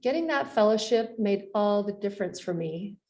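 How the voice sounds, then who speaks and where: A woman's voice: mid-range voice, animated, moderate pace, darkish tone, far from the mic. A middle-aged woman professor giving a personal lecture, telling her story earnestly with light, self-deprecating humor. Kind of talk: personal faith-and-career lecture. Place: university lecture hall.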